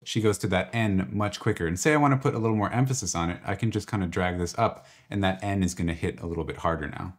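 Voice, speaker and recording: A man with a low voice walks through music software step by step. He talks in a relaxed, exploratory way, thinking aloud as he clicks. It sounds like a screen-recorded tutorial. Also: fast talker, few pauses. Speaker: tutorial presenter. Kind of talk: software walkthrough.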